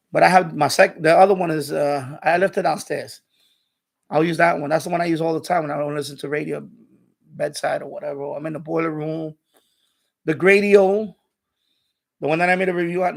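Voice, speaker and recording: A man's voice: fairly high pitch, creaky. A man hosting a live stream, chatting casually and rambling, with many restarts and repeated phrases.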